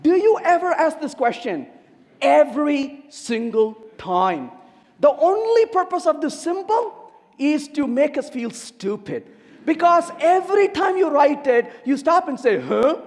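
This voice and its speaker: High, lively man in a reverberant hall. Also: a little slow. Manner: animated, theatrical, asks the audience questions. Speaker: conference speaker. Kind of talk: humorous technical keynote. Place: large conference hall.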